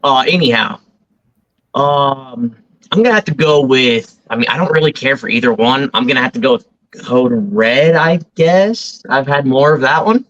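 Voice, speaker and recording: A man with a bright, forward voice talks casually from his bedroom, hesitant and laid-back with lots of fillers. His mic is dry and a bit muffled. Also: medium pitch, normal speed, no room sound. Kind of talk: casual podcast chat. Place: home bedroom.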